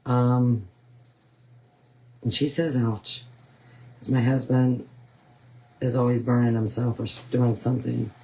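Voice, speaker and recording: A woman's voice: a bass voice, little pitch movement, measured pace, long pauses, mellow, low-quality recording. A woman hosting a painting tutorial, chatting casually and rambling with frequent ums. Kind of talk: casual chat while painting.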